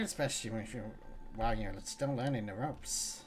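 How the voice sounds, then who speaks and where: A woman's voice: very deep voice, normal speed, faint music behind. A woman casually commenting on a game as she plays, chatty and jokey and reacting aloud to what happens on screen. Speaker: let's play gamer.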